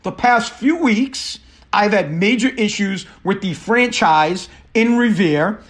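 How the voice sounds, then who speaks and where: High-voiced man ranting. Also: slow pace. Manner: animated, profane storytelling with quoted dialogue. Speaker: podcast host. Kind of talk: casual ranting monologue.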